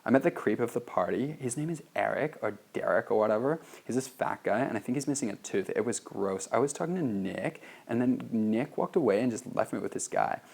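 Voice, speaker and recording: A man with a gravelly voice putting on a young woman's Los Angeles valley-girl voice, gossiping and mocking at a party. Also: medium pitch, lively intonation, a little fast, few pauses, darkish tone.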